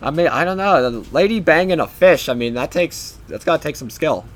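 A man's voice: fairly high pitch, animated, brisk. A young man hosting a solo podcast, rambling casually and swearing often. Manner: rambling, profane, offhand. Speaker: podcast host.

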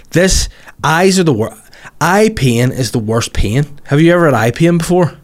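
A man's voice: on the high side, lively intonation, normal speed. A man in his thirties with a Northern Irish accent, hosting a casual podcast with brash, crude, self-mocking banter. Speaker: podcast host. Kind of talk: casual podcast chat and read ads.

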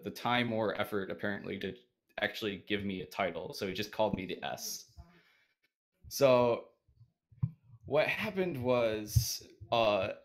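A man with a lowish voice telling a story as a podcast guest. He rambles, hesitates and pads his talk with fillers in a loose, casual way.

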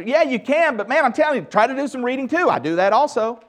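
A middle-aged man preaching a sermon as pastor, emphatic and lively with touches of humor. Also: very high voice, quick pace.

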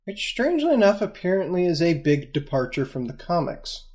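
A man's voice: high-pitched, big pitch swings, a little fast, darkish tone. A man co-hosting a podcast in casual chat, chiming in with wry corrections and jokes. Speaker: podcast co-host.

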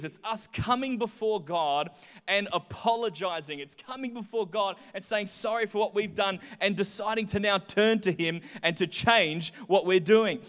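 A young man preaching a sermon, chatty and animated as he tells personal stories. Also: high voice. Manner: chatty, animated storytelling with voiced asides. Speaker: pastor. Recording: hall reverb.

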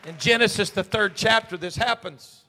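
A man, a senior pastor, preaching a sermon in church, swinging between hushed pleading and shouted exhortation. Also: high voice, moderate pace, big-room sound, a faint crowd. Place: church sanctuary.

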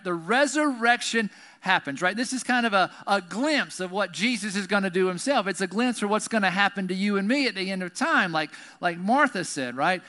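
A male pastor delivering a sermon in a conversational, chatty manner, often checking in with "right?". His voice sits high for a man and has a forceful, bright edge. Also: expressive, fairly quick. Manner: conversational, tags sentences with "right?".

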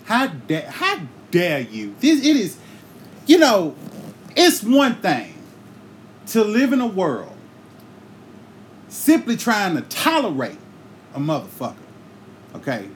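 A man's voice: high voice, wildly swooping pitch, slow, pauses often, a little hiss or hum. A man hosting his own comedy podcast, delivering a heated, heavily profane rant with preacher-like repetition. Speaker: podcast host.

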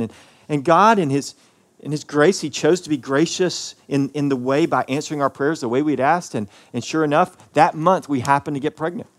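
A man, a pastor, preaching a sermon and telling a personal story in an earnest, emotional way, with many pauses and repeated words. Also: fairly high pitch.

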